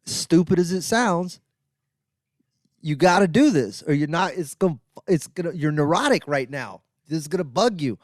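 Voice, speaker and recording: A middle-aged comedian tells a rambling, self-mocking story in a fairly high voice. He swings his pitch wildly when he acts out the other people in it and swears freely. The sound is dry and close. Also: brisk, dry recording. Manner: animated, acts out quotes with big pitch jumps. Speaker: comedian host. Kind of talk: storytelling monologue.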